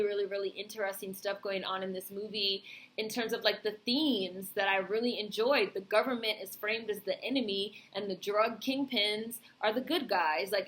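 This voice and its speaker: A woman's voice: medium pitch, bright, forceful tone. A woman vlogger giving a casual, rambling film review, heavy on fillers and swearing.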